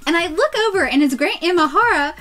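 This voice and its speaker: Podcast co-host, bubbly woman, high and very lively voice. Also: quick pace. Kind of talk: casual storytelling chat.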